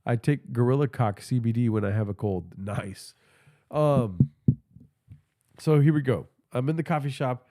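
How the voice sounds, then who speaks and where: A man telling stories on a phone livestream, rambling and excitable, with a swear in nearly every other sentence. His voice sits at an ordinary middle pitch, and his stuffy nose thickens the sound a little. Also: unhurried. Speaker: podcast host. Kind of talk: casual livestream storytelling. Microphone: phone held in hand.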